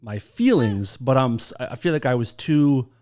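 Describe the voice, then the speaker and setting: A man's voice: mid-range voice, animated, normal speed, warm tone. A man co-hosting a podcast in casual chat, playful and teasing in manner. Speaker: podcast co-host.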